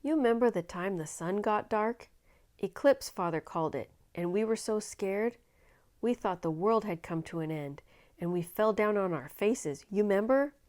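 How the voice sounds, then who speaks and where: A woman voicing a frightened pioneer child, talking in hushed, nervous tones in a storybook reading. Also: mid-range voice, expressive, moderate pace, natural voice.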